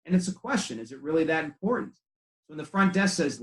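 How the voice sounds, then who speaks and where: A man's voice: fairly high pitch, sing-song, fairly quick, reverberant, poor audio. A man coaching chiropractors in a conversational way, telling stories with quoted dialogue. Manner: conversational storytelling with acted quotes. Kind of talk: training talk to chiropractors.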